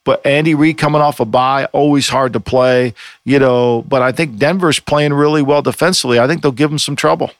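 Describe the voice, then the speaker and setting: A male co-host in casual sports talk, rambling through his points with lots of restarts. His voice sits at a middling pitch, recorded dry with no room sound. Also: steady tone, fairly quick, dry recording. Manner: rambling, frequent restarts and fillers. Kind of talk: casual sports betting chat.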